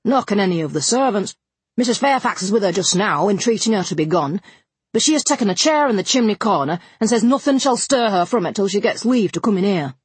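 A woman voicing a deferential male footman in a lowered, respectful voice. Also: animated, fairly quick, slightly rough, no room sound.

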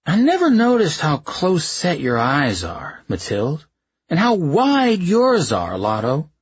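A man's voice: fairly high pitch, wildly swooping pitch, takes it slowly, husky, dry recording, muffled recording, pitched above the performer's own voice, heavily acted. A man doing a slurring, spiteful drunk. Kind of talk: audiobook character voice.

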